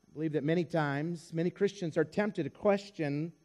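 A man's voice: a little high, moderate pace. A man preaching a sermon, telling a story with acted-out dialogue. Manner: animated storyteller acting out dialogue.

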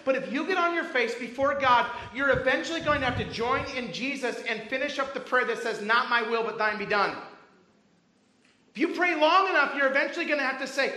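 A man's voice: very high-pitched, fast, few pauses, sharp tone, echoey room, poor audio. A man preaching a sermon to a congregation, talking casually and telling stories from camp. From grew up Baptist. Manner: conversational preaching with anecdotes. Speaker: pastor.

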